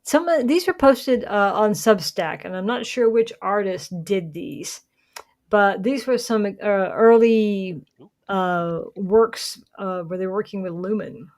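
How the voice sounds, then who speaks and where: A woman's voice: mid-range voice, slow, darkish tone. A woman hosting a casual gaming chat, rambling and correcting herself as she talks, laughing often. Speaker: streamer host.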